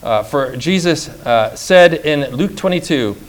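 A middle-aged man preaching a sermon, emphatic and slow, with dramatic pauses and rhetorical questions. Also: a little high, expressive.

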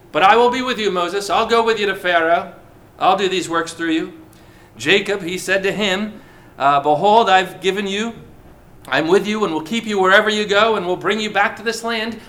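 A pastor preaching a lively sermon to his congregation, drawing out key words slowly and joking with the listeners. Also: high voice.

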